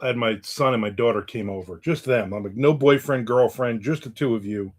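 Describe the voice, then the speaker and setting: A middle-aged man from New Jersey hosts a casual livestream chat. He rambles between stories and viewer comments. His manner is blunt and jokey, and his voice sits at an ordinary pitch. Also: brisk. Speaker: livestream host.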